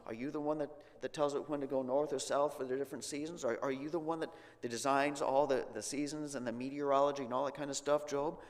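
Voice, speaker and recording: A man's voice: fairly even intonation, fast, few pauses, big-room sound, close to an everyday voice. A man voicing a sarcastic almighty God. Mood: booming. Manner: booming rhetorical questions. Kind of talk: sermon role-play.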